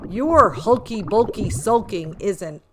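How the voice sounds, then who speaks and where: A woman voicing a blunt, straight-talking male octopus in a storybook, brisk and pointed. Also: medium pitch, expressive, background noise, close to an everyday voice.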